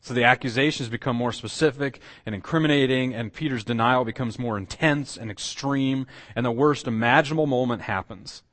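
A man's voice: mid-range voice, brisk, few pauses, a bit bright. A man preaching a sermon as pastor, telling the story with acted quotes, asides and frequent fillers.

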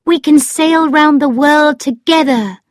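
A woman voicing a naive young woman in love, speaking high and pleading in a read-aloud story. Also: unhurried, no room sound, clean studio sound. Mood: dreamy.

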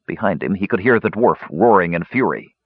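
Husky low-voiced male audiobook narrator. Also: brisk, no echo. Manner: expressive storytelling. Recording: dull lo-fi recording.

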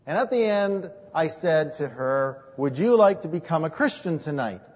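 A man preaching as a pastor, telling stories from his ministry and moving between hushed and emphatic delivery. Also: on the high side, animated, moderate pace, slightly rough. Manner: storytelling, swings from hushed to emphatic. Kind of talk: sermon with personal testimony. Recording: dull recording in a reverberant hall.

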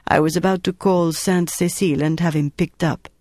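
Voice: medium pitch, a little fast, no room sound, clean studio sound, lightly acted. A narrator voicing a composed young French woman who speaks coolly, in an audiobook. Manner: cool and calm on the phone. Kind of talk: audiobook character voice.

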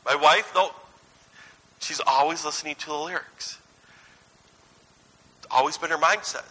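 Male preacher, 30s, high and very bright voice, chatty anecdotal sermon delivery. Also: measured pace, slightly rough, low-quality recording. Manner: conversational, anecdotal, swings between lively and hushed.

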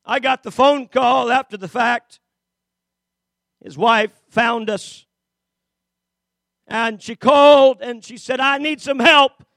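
A man preaching a sermon as a story, swinging between shouted peaks and hushed low stretches, with many fillers and repeated starts. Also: slow pace, creaky, long pauses, dry recording. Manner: dramatic, rises to shouts then drops low.

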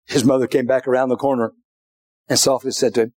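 A man preaching a sermon in a church, dropping to a hush and then rising to shouts, with folksy asides to the congregation. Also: mid-range voice, expressive, brisk. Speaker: pastor. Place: church sanctuary.

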